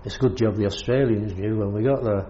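A man's voice: lowish voice, fast talker, mellow, dull audio. Older British man, war veteran, rambling storyteller who chuckles a lot, faint hiss behind. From Britain. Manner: rambling, chuckles often while telling. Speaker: war veteran recounting service. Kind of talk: oral history storytelling.

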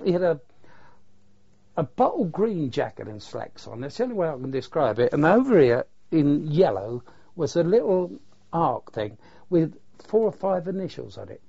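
Old guy telling war stories, a bit high-pitched, earthy, swears a little, dull lo-fi sound. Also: big pitch swings, normal speed, creaky, warm tone, slightly rough. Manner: plain-spoken, earthy, mild swearing. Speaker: war veteran interviewee. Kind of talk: oral history recollection. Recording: dull lo-fi recording.

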